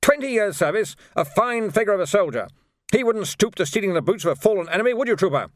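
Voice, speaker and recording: A man's voice: high-pitched, lively intonation, quick pace, no room sound, clean studio sound, voice pushed up. A man voicing a pompous, easily flustered army major who talks in an indignant officer's manner.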